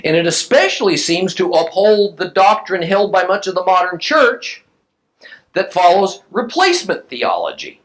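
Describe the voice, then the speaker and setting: Man, Bible class teacher, emphatic lecture, slightly high voice, very lively pitch. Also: moderate pace, rough recording.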